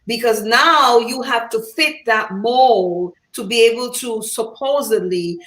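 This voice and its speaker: A woman's voice: on the high side, a little slow, a bit bright, echoey room. A woman moderating a panel, affirming the speakers and then giving firm advice.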